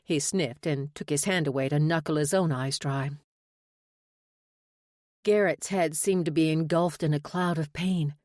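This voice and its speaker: Woman reading an audiobook, lowish voice. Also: no room sound, clean studio sound. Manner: measured, expressive reading. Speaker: audiobook narrator. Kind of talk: scripted narration.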